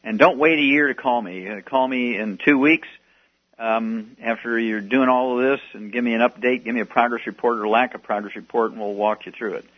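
A man's voice: medium pitch, fairly even intonation, a little fast. A man hosting a call-in health radio show, giving rambling, folksy advice and plugging products, with many fillers. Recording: muffled radio broadcast.

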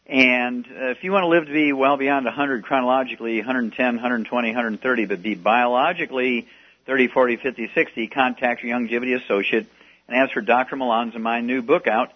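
A man hosting a call-in radio show, talking in a folksy, salesy way and wandering through advice with plenty of ums. His voice sits at an ordinary middle pitch. The broadcast sound is a little muffled. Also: steady tone, brisk.

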